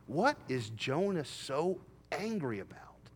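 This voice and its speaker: A man's voice: on the high side, takes it slowly, big-room sound, a little hiss or hum. A man preaching a sermon, reading scripture aloud and voicing the prophet with emphatic rises. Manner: emphatic, rising to excited peaks when voicing Jonah.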